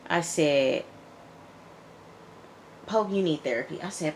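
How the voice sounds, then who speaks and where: Woman w a low voice chatting thru a tv recap, acts out the lines, bit of hiss. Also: takes it slowly, pauses often. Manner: chatty, animated retelling with quoted dialogue. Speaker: TV show reviewer. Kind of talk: casual recap chat.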